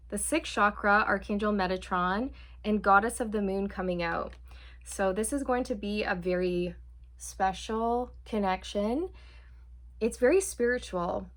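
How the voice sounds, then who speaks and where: Earnest woman doing a tarot reading. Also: mid-range voice. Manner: earnest, reassuring, says "okay" and "you guys" often. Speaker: tarot reader. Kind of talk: channeled tarot reading to viewers.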